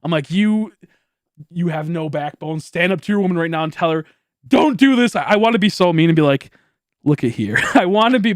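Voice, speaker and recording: Rambling young man, slightly high voice. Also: no room sound, clean studio sound. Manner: rambling storytelling, swearing, laughing often. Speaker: streamer. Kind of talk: casual livestream chat.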